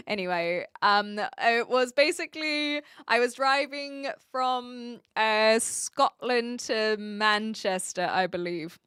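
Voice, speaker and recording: A woman's voice: on the high side, takes it slowly, bright, forceful tone, clear, resonant tone, dry recording, studio quality. A young woman with a New Zealand accent, chatting casually with viewers on a livestream and laughing often. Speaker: streamer. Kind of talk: casual chat reading viewer messages.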